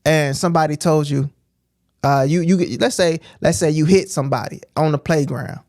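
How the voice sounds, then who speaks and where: A man's voice: on the high side, moderate pace, darkish tone, no echo, clean studio sound. A man preaching informally on a livestream, emphatic and repetitive, often checking in with "right?". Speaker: streamer teaching scripture.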